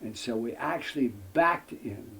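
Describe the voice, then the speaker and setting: Guesting in an interview, an older man from the United States delivers a long, folksy anecdote, repeating "I says" and voicing what others said. His voice is mid-range and a little slow, creaky, pushed and bright, with a husky edge.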